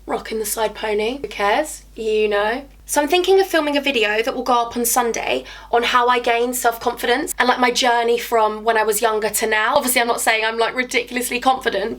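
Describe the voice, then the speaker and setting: A woman's voice: fairly high pitch, fairly bright tone. Bubbly, chatty young woman. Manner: bubbly, chatty, easily sidetracked. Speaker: beauty vlogger. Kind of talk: casual chat while doing makeup.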